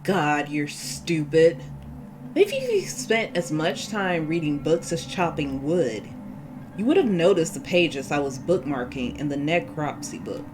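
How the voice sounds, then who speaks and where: A woman's voice: sits low, big pitch swings, a little slow, background noise. Woman reading as an unhinged woman captor. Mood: menacing. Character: unhinged cheerful woman caretaker turned captor. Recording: game playthrough with music behind.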